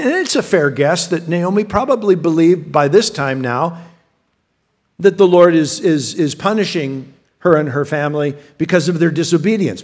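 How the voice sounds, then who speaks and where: A man's voice: on the high side, a little mellow. A man, a pastor, preaching a sermon in a conversational way, often repeating words and restarting as he talks straight to his congregation. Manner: addresses the congregation directly.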